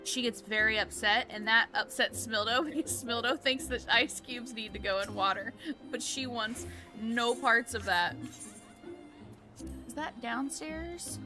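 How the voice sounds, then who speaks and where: A woman who is a parent, livestreaming a game, telling animated stories and acting out quotes while swearing freely. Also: a little high, measured pace, music in the background. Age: adult, parent of a young child. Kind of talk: casual chat on a gaming stream.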